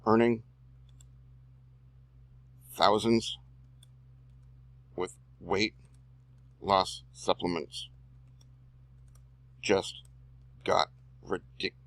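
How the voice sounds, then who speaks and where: A man's voice: low-pitched, fairly even intonation, very slow, long pauses, fairly bright tone, no echo. A man reading copy aloud as he edits a screen-recorded tutorial, muttering and adding slangy asides to himself. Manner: self-talking, drawling slangy asides. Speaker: online marketer and video host.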